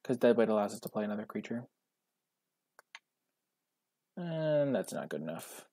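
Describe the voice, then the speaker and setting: A man hosting his gaming channel, giving casual commentary on a card game in a wry, self-mocking way with sudden excited outbursts. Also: fairly low pitch, normal speed, dry recording.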